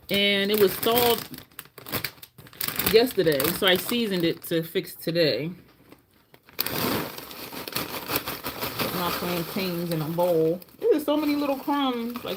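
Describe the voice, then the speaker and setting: A woman's voice: mid-range voice, noisy background. A woman chatting casually on a makeup livestream, rambling and laughing at her own stories. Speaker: livestream beauty host. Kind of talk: casual livestream chat while doing makeup.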